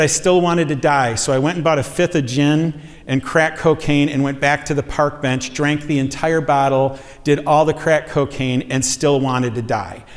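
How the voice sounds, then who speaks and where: A man preaching a sermon, telling a story earnestly and lifting his voice for emphasis. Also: on the high side. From USA. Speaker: pastor teaching a series. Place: church sanctuary. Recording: long hall reverb.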